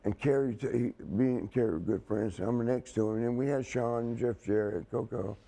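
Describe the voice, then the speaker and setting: A man's voice: medium pitch, normal speed, creaky, warm tone. A man telling a rambling story as a guest in a casual chat, laughing as he goes. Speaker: wrestling guest.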